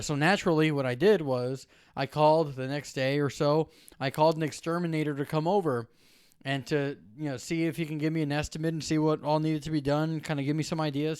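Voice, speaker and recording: A man with a somewhat high, clean, resonant voice gives a weekly devotional. He tells a personal story in a lively, animated way and laughs often. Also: clear, resonant tone. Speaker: preacher. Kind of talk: devotional talk.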